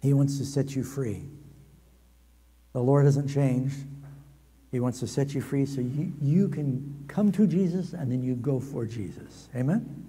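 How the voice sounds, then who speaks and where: A man preaching a storytelling sermon at a camp meeting, animated and humorous with quick asides, in a large hall. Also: medium pitch, breathy edge. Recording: long reverb of a large hall.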